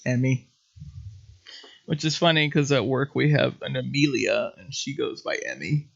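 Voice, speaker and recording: A man's voice: medium pitch, lively intonation, normal speed, creaky, fairly bright tone. A man hosting a livestream, chatting casually and laughing often while he paints. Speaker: livestream host. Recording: muffled lo-fi stream audio.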